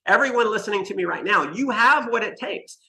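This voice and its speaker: A male motivational speaker with a bright, sharp edge to his voice. He talks with emphasis, tells stories and turns to address his listeners directly. A gravelly texture runs under his fairly high-pitched delivery. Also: lively intonation, a little fast, rough recording. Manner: emphatic storyteller who speaks straight to the listeners. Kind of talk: motivational talk to an online summit audience.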